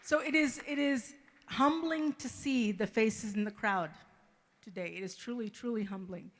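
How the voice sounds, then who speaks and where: Middle-aged woman, mother of the bride, fairly high voice, emotional and halting wedding speech. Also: a faint crowd. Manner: halting, repeats words, deeply grateful.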